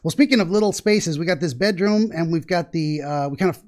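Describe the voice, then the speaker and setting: A man's voice: fairly high pitch, a little fast, a little mellow. A middle-aged American man hosting a podcast on dreams, talking casually, rambling and laughing at himself. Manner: rambling, self-deprecating, laughs often. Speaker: podcast host, dream interpreter. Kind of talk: casual conversational interview.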